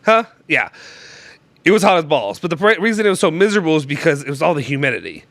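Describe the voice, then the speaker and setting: A young man hosts a loose, joking stream chat, rambling through restarts. His voice is bright and swings widely in pitch. It sits close and dry on the mic. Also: very animated, quick pace, no room sound. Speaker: show host. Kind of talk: casual live-stream chat.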